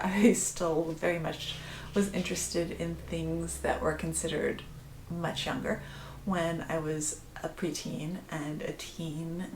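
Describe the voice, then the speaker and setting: A woman's voice: fairly low pitch, creaky, roomy sound, slight background noise. A middle-aged woman talking candidly in a personal vlog, rambling a little, restarting phrases and laughing often. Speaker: vlogger.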